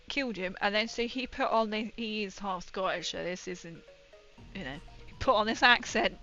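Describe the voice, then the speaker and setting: Young woman, rambling chatty streamer, bright crisp voice, faint music underneath. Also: on the high side, muffled recording. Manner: rambling, chatty, giggly storyteller. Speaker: livestreamer painting miniatures. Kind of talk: casual chat while painting.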